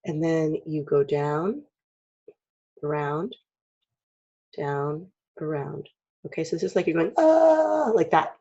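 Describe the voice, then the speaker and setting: Husky-voiced woman teaching drawing. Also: sits low, steady tone, slow pace, long pauses, dark tone. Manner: chatty, clears throat often, acts out expressions. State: frog in her throat. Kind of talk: casual drawing tutorial. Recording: dull lo-fi recording.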